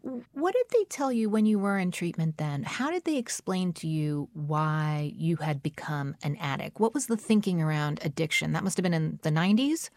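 A woman's voice: low-pitched, lively intonation, normal speed, hardly any pauses, darkish tone, dry recording, clean studio sound. A woman interviewer asking curious, probing questions.

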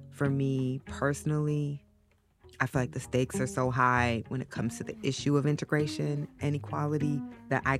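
A woman with a very deep voice is interviewed as a parent. She talks candidly and haltingly, often trailing off as she searches her feelings.

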